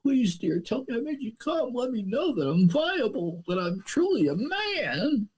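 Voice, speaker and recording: Imagine an insecure young man begging to hear that he measures up, as a man puts him on. His voice dips low and soft, then jumps up high and needy. It stays hushed throughout. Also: sing-song, a little slow, slightly rough, heavily acted. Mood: pleading. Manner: pleading, swooping from low to high. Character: insecure young man anxiously seeking reassurance.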